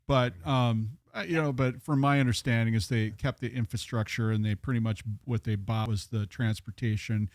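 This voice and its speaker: A man's voice: medium pitch, fairly even intonation, moderate pace, hardly any pauses, dry recording. A man, a guest bartender, chatting casually on a podcast and telling stories with many fillers.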